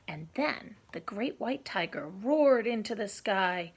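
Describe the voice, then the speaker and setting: Expressive woman reading a children's story. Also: mid-range voice, takes it slowly, hardly any pauses, breathy edge. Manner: expressive, with hushed asides to listeners.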